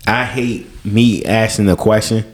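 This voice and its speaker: A man's voice: lowish voice, steady tone, unhurried. A man co-hosting a podcast in casual chat, swearing freely and acting out other people's lines in mocking voices. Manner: swears freely and laughs often. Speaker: podcast co-host.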